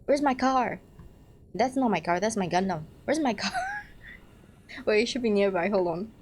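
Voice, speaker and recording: A young woman streaming a game, chatting casually, excitable, swearing and laughing at her own mistakes. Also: medium pitch, moderate pace, slight background noise.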